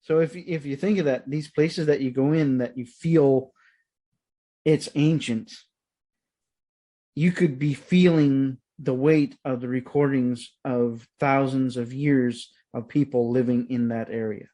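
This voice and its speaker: A man hosting a podcast interview, explaining things hesitantly and with many pauses. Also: medium pitch, steady tone, mellow. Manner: hesitant, lots of uh fillers when explaining. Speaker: podcast host. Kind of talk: casual interview chat.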